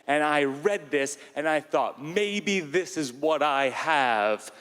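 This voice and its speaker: A man's voice: on the high side, expressive, takes it slowly. Self-mocking stand-up comedian man in a hall. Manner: rambling, self-mocking, bursts into shouts. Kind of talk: stand-up storytelling. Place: large theater stage before a live audience. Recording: live hall recording with faint room noise.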